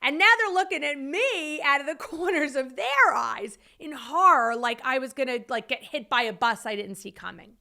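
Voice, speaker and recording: A middle-aged woman hosting a podcast, telling a personal story in a lively, animated way, laughing now and then and acting out quotes with big jumps in pitch. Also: normal speed, gravelly, hardly any pauses. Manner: laughs while telling, many "like" and "you know". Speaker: podcast host.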